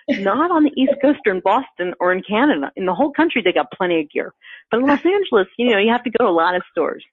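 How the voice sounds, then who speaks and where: A woman telling a funny personal story in casual chat, animated and laughing often, acting out the quotes. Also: medium pitch, breathy edge, dry recording. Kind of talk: casual anecdote. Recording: phone-like narrow sound.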